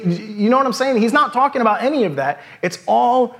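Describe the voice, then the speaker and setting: A man preaching, reading scripture aloud and explaining it conversationally, often checking in with "okay?" and dropping soft at solemn points. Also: extremely high pitch, lively intonation, a little fast, few pauses. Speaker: pastor. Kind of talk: sermon.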